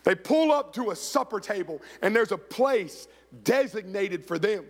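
A man's voice: high voice, animated, moderate pace. A man preaching a sermon as pastor, telling stories and acting out the voices of the people in them. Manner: storytelling preacher, acts out quoted voices. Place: church sanctuary. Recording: echoey church hall.

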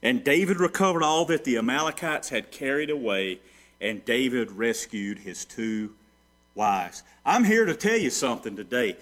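A man preaching a sermon, moving from hushed storytelling to ringing rhetorical questions that he answers himself. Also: mid-range voice, big pitch swings, normal speed. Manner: preaching with sweeping swings between soft and loud. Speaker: pastor.

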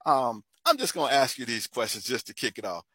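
A man's voice: medium pitch, animated, fairly quick, fairly bright tone, slightly rough, no room sound. A man interviewing a guest in a playful, casual way and laughing often.

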